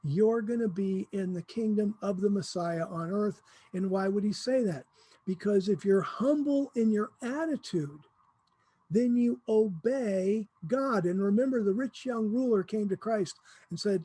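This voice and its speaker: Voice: medium pitch, measured pace, dark tone, slightly rough, no room sound. A Bible teacher talking through scripture in an informal, conversational way, slipping into quoted voices with humor.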